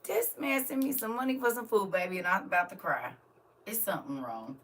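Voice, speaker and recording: A middle-aged woman chatting casually to viewers on a live stream, emotional and animated, laughing often and swinging from quiet musing to loud exclamations. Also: medium pitch, fairly quick. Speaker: livestream host.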